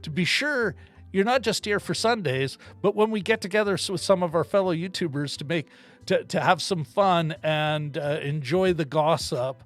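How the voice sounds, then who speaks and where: A man co-hosting a film-discussion podcast in casual chat, animated and often laughing as he talks. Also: a little high, normal speed. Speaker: podcast co-host.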